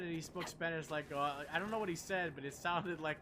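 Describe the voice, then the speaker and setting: A young man with a fairly high voice rambles through casual gameplay commentary, swearing now and then and answering his chat as he plays. A steady hiss of background noise sits under the recording. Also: normal speed, few pauses. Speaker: streamer.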